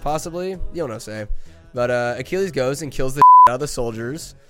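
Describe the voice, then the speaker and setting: A man's voice: medium pitch, animated, a little fast, loud music behind the voice. A man hosting a podcast, animatedly retelling a movie plot in a rambling way full of fillers and asides. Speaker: podcast host. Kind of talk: comedic movie recap.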